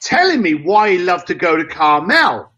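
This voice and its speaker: A man telling anecdotes in an interview, acting out dialogue in a lively way with casual slang and mild swearing. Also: high-pitched, normal speed, lo-fi sound. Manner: lively, acts out both sides of dialogues. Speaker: interview guest. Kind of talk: anecdotal storytelling.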